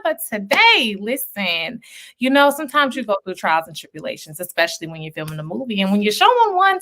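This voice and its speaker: Bright, chatty woman hosting a watch party. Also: on the high side. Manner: chatty, animated, lots of fillers and laughs. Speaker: host. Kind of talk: casual livestream chat.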